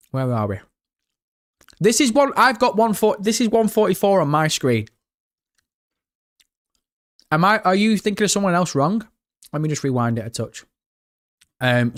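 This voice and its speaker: Male streamer, slightly high-pitched, casual, swears freely. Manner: chatty, swears freely, talks to chat. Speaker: livestream host. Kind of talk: casual livestream chat.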